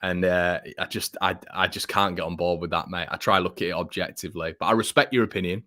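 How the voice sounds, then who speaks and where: Young male host, deep voice, dry close mic, chatty and informal. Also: steady tone, fast, bright, forceful tone, no echo. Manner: chatty, frequent restarts and fillers, says mate a lot. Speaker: fan channel host reading live chat. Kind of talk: casual live-stream chat.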